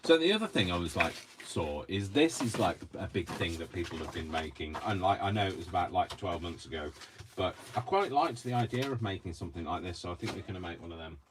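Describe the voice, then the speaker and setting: A man's voice: low voice, expressive, fast talker, background noise. A man chatting casually through a craft tutorial, giggly and self-mocking. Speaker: craft vlogger.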